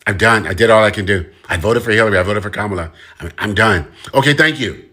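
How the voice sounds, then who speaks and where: This commentator has a low voice, talks fast, and sounds pushed and bright as he speaks straight to listeners. His monologue is impassioned and emphatic, with phrases repeated for force.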